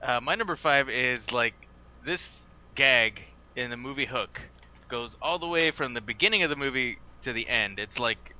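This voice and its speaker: Male podcast co-host, very bright, forceful tone, rambling casual storyteller. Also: medium pitch, lively intonation, moderate pace. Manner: rambling, laughs a lot. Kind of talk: casual chat.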